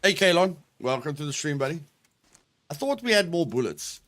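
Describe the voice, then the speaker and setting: A man streaming a video game live, talking to his chat with sudden excited exclamations. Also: a little high, normal speed. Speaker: gaming streamer. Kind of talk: live gameplay commentary.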